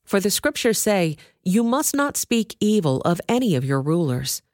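A woman's voice: big pitch swings, darkish tone, no echo, clean studio sound. A woman reading a scripture passage aloud as scripted narration, lifting her voice for the quoted speakers. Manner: measured, lifts pitch for quoted speech. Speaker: scripture reader.

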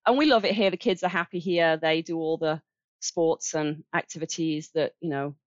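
A woman's voice: low-pitched, steady tone, moderate pace, no echo, lo-fi sound. A woman from England with a Birmingham accent, speaking as a charity director in a casual interview, explaining things in a friendly, plain-spoken way. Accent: Birmingham English.

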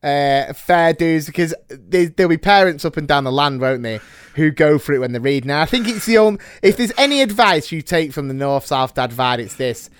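A man's voice: on the high side, lively intonation, fairly quick, clean tone, dry recording. A man in his thirties hosting a podcast in casual chat, upbeat and bantering, making playful sound-effect noises. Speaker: podcast host.

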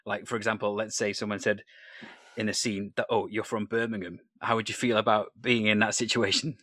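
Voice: medium pitch, flat delivery, brisk, fairly bright tone, no room sound. An interviewer asking an improv performer questions, encouraging her with short affirmations and laughs.

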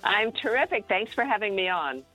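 A woman guest commentating on the news by phone, measured and hedging as she thinks aloud. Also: mid-range voice, big pitch swings, bright, forceful tone, no room sound, faint music behind. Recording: dry tinny phone line.

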